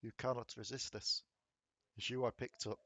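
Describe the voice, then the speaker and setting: A man with a mid-range, slightly bright voice and little pitch movement runs a tabletop game as game master, recorded with no echo. He narrates and rolls dice, chatty and laughing often, with quick bursts of rules talk.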